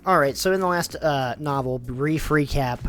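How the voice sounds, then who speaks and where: A man's voice: fairly high pitch, moderate pace, background noise. A man giving a loose, rambling spoken summary of a story, full of fillers and swearing. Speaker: YouTuber summarizing light novels.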